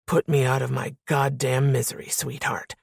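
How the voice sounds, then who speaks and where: A woman voicing a calm, menacing man in an audiobook, speaking in a low, smooth, taunting way. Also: normal speed, no room sound, clean studio sound, exaggerated voice. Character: deep-voiced menacing man, calm and mocking. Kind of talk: audiobook character voice.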